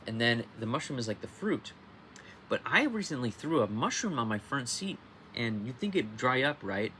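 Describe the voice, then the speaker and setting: Mid-range, bright, and forceful, this man's voice comes through over faint background noise. During a livestream read-along he drifts and rambles sleepily, frequently starting over, chasing tangents, and cursing within quoted outbursts.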